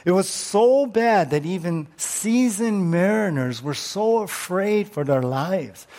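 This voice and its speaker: A man preaching a sermon in an easygoing, conversational way. His voice sits a little high and moves up and down a great deal. He keeps asking his listeners questions. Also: expressive, slow, a little mellow. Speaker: pastor.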